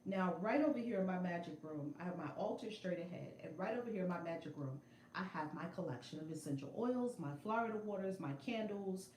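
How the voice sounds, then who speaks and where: A middle-aged woman telling a story on a casual livestream from a room at home, animated and emphatic, repeating her phrases. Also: fairly low pitch, fairly quick, roomy sound, a little hiss or hum. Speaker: spiritual vlogger. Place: home room with altar and shelves. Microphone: phone camera.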